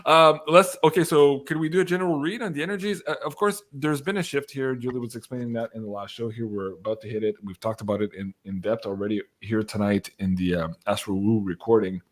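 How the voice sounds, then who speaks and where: A man's voice: on the low side, fairly even intonation, quick pace, few pauses, darkish tone. A man hosting a casual livestream, upbeat and chatty, reading out viewers' messages and laughing often. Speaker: livestream host.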